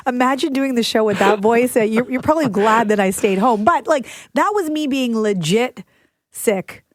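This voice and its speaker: A woman's voice: fairly high pitch, moderate pace, dry recording. A woman co-hosts a morning radio chat, her voice swinging up and down as she laughs along. The sound is close and dry, with no room around it. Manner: lively, laughs easily. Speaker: radio co-host.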